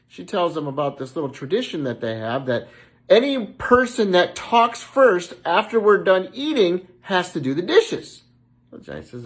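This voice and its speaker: Man spinning long dirty jokes. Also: on the high side. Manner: drawling storyteller, plays the straight man. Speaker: joke teller and channel host. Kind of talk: casual joke telling.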